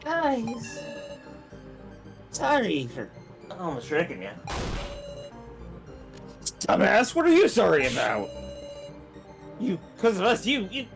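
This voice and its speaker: A woman voicing a friendly young man saying goodbye to his friends, soft and earnest. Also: mid-range voice, huge pitch swings, takes it slowly, creaky, long pauses, soft background music, pitched above the performer's own voice, exaggerated voice.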